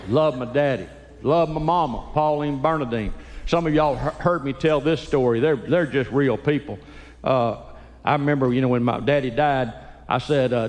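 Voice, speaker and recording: A man, a Christian comedian doing folksy, animated stand-up storytelling. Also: medium pitch, moderate pace. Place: church hall. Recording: echoey hall, faint ambience.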